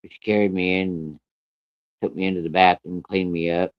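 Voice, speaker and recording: A man's voice: low-pitched, level tone, a little fast, no echo. A man telling a personal story in a blunt, plain-spoken way, cursing freely. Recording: dry, dull lo-fi recording.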